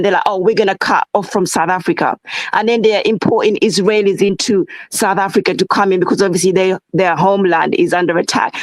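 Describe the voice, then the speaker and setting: A woman's voice: medium pitch, no echo, low-quality recording. A woman in an impassioned discussion, talking fervently, asking rhetorical questions and lecturing her listeners. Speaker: guest.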